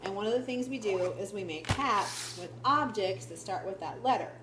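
A woman's voice: mid-range voice, expressive, moderate pace, noisy background. A woman teacher in casual vlog chat, telling stories with giggles, filmed on a handheld camera in a classroom. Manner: chatty, giggly storytelling. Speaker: first grade teacher.

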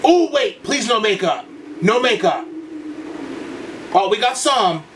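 A man reacting to a music video, with loud, gushing exclamations, frequent swearing and a camp, sassy delivery. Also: sits high, big pitch swings, takes it slowly, background noise. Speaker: YouTube reactor. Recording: voice from a distance with music clearly behind. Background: music video playing.

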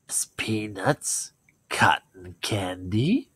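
A man voicing an evil shape-shifting clown who swings from whispers to shrill giggles. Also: animated, drawn-out words, a bit bright, breathy edge, no room sound, full character voice. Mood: creepy, teasing.

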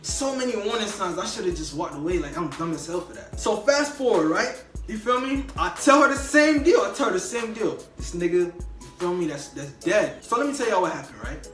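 A young adult man telling a story in a casual, slangy, animated way, with lots of acted-out dialogue. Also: high voice, a little fast. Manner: animated, slangy, emphatic retelling with quoted dialogue. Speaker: vlogger. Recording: echoey room, mic at a distance, faint music.

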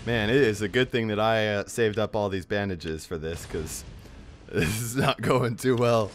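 A young man with a cold giving excitable let's-play commentary, yelping and laughing at the scares. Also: lowish voice, a little slow, slight background noise. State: has a cold. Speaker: gaming YouTuber.

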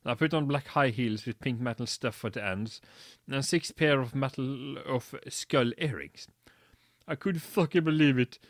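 A man's voice: mid-range voice, a little slow, dry recording, clean studio sound. A man reading a badly written story aloud for comedy, mocking it and stumbling over its misspellings. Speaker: reader.

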